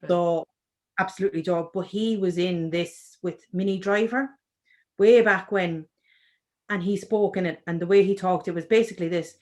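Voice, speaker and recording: A woman with an Irish accent, an author chatting as a guest on a video-call interview, animated and full of restarts. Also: on the low side, moderate pace. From Ireland.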